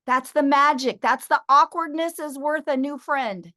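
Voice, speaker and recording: A woman trainer teaching her team, telling stories and acting out phone calls with lively energy. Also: high voice, measured pace. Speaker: sales trainer.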